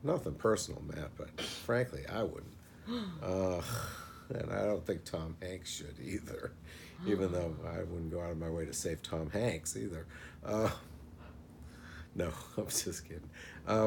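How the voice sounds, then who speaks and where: A man's voice: low-pitched, lively intonation, measured pace, vocal fry, a little hiss or hum. A man reviewing a film in a casual, rambling retelling, full of fillers and asides.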